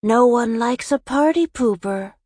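A woman voicing a sneering male criminal henchman who speaks in a high, reedy whisper and taunts. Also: a little slow, a little mellow, slightly rough, dry recording, studio quality. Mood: taunting. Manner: taunting, mocking.

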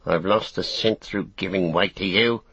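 A man's voice: low-pitched, fairly even intonation, normal speed, vocal fry, a bit bright, breathy edge, dry recording, muffled recording, heavily acted. A man voicing a small, sly orc tracker who snarls and whines. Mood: snarling. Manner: snarling, whining.

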